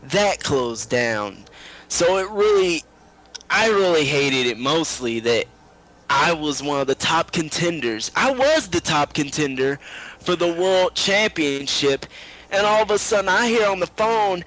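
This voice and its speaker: A man's voice: on the high side, expressive, measured pace, fairly bright tone, rough recording. A man, a wrestler, answering interview questions in a rueful, joking way. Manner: rueful and joking, laughs at his bad luck. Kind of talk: shoot interview.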